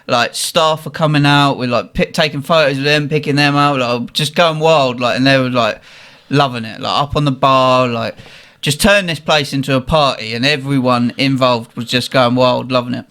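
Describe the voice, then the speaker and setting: A man's voice: mid-range voice, moderate pace, hardly any pauses. A young man telling a casual anecdote, laughing often and acting out what people said. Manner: laughing often, animated anecdote with quoted voices. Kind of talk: casual storytelling.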